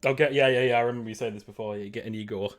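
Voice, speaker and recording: A man's voice: mid-range voice, fairly even intonation, rapid-fire, noisy background. A man running a tabletop game as game master, upbeat and chatty, laughing often, on a home voice-call mic.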